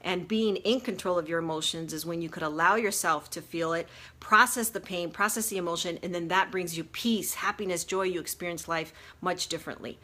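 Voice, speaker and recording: A woman's voice: fairly low pitch, brisk, bright, forceful tone. Chatty woman teaching on a livestream. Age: adult with a grown daughter. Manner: earnest and chatty, many fillers and restarts. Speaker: life coach. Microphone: phone or webcam livestream.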